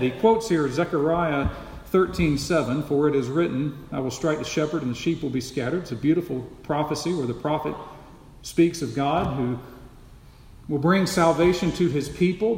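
A man's voice: a little high, darkish tone, slight background noise. A man preaching an expository sermon, emphatic and repeating key phrases for stress. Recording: echoey hall with long reverb.

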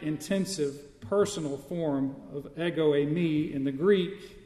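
A man preaching in a large, echoey hall, his voice a little high and mellow. He teaches as he goes and turns to the congregation with questions. The sound rings off the walls with a long reverb. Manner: teaching, asks the listeners questions. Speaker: pastor. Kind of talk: sermon.

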